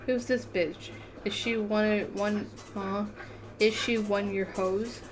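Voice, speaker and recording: A woman's voice: mid-range voice, fairly even intonation, slow, crowd noise, close to an everyday voice. A woman reading as jeering schoolboy bullies. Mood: mocking. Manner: mocking and jeering, read plainly. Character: taunting teenage schoolboy bullies.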